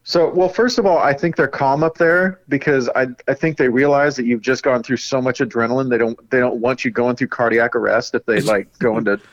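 Laughing, animated male race driver. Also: medium pitch, no room sound, lo-fi sound. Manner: animated storyteller, quick laughs. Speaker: racing driver guest. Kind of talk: casual podcast interview.

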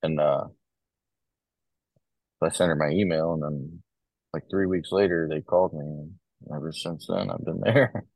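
A man's voice: extremely low pitch, a little slow, gravelly, pauses often, no echo, low-quality recording. A young man, a corrections officer, telling stories in casual conversation, loose and full of fillers. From Ohio, US. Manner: relaxed storytelling, many fillers. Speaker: podcast guest, corrections officer.

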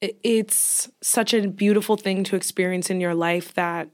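A woman's voice: medium pitch, fairly even intonation, moderate pace, darkish tone. A young woman co-hosting a podcast, sharing a personal story in casual chat and often sinking into a near whisper. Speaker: podcast co-host.

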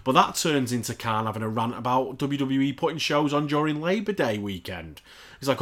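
A man talks fast and loose on a casual podcast, swearing constantly and sounding exasperated and sarcastic. His voice sits in an ordinary middle pitch. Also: lively intonation, fairly bright tone. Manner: heavily profane, exasperated, sarcastic ranting. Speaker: podcast co-host.

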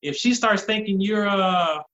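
A man's voice: sits high, measured pace, pushed and bright, dull audio. A man talking bluntly and loosely about dating on a podcast, swearing freely. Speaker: podcast co-host. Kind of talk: casual dating talk.

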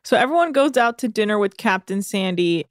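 A woman's voice: mid-range voice, expressive, brisk, no echo, studio quality. A woman co-hosting a podcast, animatedly recapping a show in casual chat. She swears freely. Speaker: podcast co-host.

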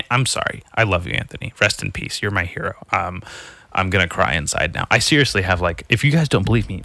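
A young man talks alone on his podcast in a loose, profane ramble, jumping from joke to joke. His voice sits low but comes out bright and forceful. The sound is dry and close, with no room echo. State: slightly out of breath. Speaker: podcast host. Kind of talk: casual solo podcast rant.

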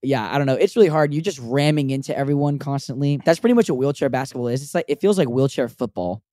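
A man's voice: mid-range voice, fast talker, dark tone, no echo, clean studio sound. A young man co-hosting a casual chat, laid-back and slangy. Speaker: podcast co-host.

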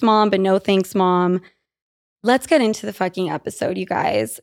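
A young woman from Utah hosts her podcast alone, chatting casually and swearing freely as she tells candid stories. Her voice sits a little high, and she jumps between dry asides and excited bursts. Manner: candid, profane, animated storytelling. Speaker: podcast host. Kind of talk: casual solo podcast chat.

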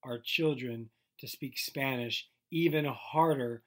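A man co-hosting a podcast with his wife in casual chat, teasing her and often clearing his throat. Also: mid-range voice, takes it slowly. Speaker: podcast co-host.

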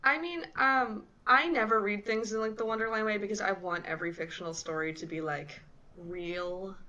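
A woman's voice: mid-range voice, normal speed, sharp tone, muffled recording. A woman co-hosting a podcast in casual chat, hesitant with many fillers and giggles. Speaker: podcast co-host.

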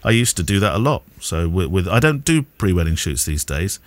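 A man's voice: low voice, big pitch swings, fairly quick. A man co-hosting a casual photography podcast, giving wedding advice in a chatty way and laughing easily.

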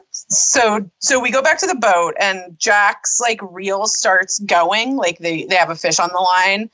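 A woman's voice: mid-range voice, slow, pushed and bright, dry recording, lo-fi sound. A woman co-hosting a casual podcast chat about a TV episode, laughing often, swearing freely and filling her talk with fillers. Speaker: podcast co-host.

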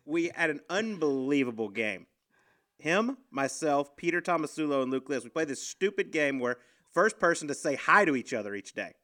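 A man's voice: fairly high pitch, big pitch swings, normal speed, sharp tone. Upbeat male podcast host. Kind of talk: casual chat.

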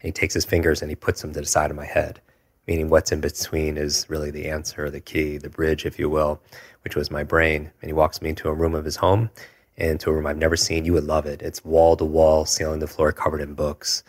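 A man in his forties recounts his past as an interview guest, earnest and reflective. His voice sits extremely low, and his pitch moves very little. He often pauses on asides like "if you will". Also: completely flat delivery. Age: 40s. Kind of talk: personal storytelling in an interview.

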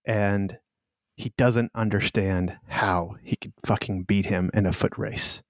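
Slow, halting male game master. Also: fairly low pitch, fairly even intonation, no echo, clean studio sound. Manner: halting, filler-heavy, laughs often. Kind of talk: narrating a tabletop game.

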